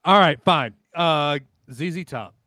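A man's voice: fairly high pitch, takes it slowly, bright, forceful tone. A man co-hosting a podcast game as a contestant, easygoing and laughing along. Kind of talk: casual joking banter.

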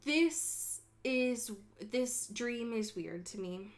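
A woman co-hosting a casual podcast, talking about a book in a profane, animated way and acting out the characters' lines. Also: on the high side, extremely slow. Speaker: podcast co-host. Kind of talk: casual book discussion chat.

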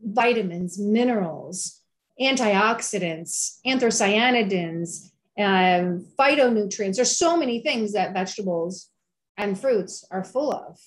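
A woman's voice: medium pitch, animated, slow. A middle-aged woman, a health and wellness chef, talking enthusiastically in an interview and often repeating herself for emphasis. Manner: enthusiastic, repetitive, preachy. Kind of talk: conversational interview.

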